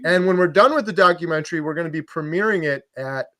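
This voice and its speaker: A man hosting a casual live Q&A stream, upbeat and quick to laugh. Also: fairly high pitch, sharp tone, no echo. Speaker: livestream host.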